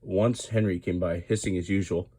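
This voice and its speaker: A man reading a children's storybook aloud in clear, steady narration. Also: low voice, normal speed.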